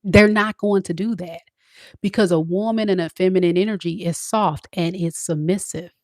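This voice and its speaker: A woman's voice: fairly low pitch, steady tone, moderate pace, a little mellow, no echo, clean studio sound. A woman, a tarot reader giving blunt, preachy love advice straight to the women watching. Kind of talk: direct-to-camera advice talk.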